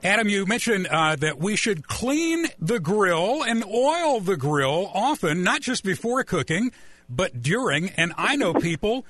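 A man's voice: high voice, big pitch swings, unhurried, a bit bright, no room sound. A male radio host leading a live interview and reading announcements in an upbeat, friendly way. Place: radio studio. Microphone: studio mic.

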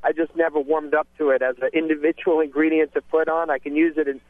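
A man's voice: a little high, level tone, quick pace, no echo. A male chef and cookbook author, chatting casually in a radio interview and rambling with many restarts. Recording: tinny phone line.

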